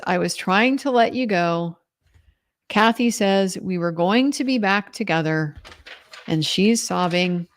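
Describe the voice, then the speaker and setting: Woman recounting courtroom testimony. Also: medium pitch. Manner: animated retelling, quotes others in her own voice. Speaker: legal commentator.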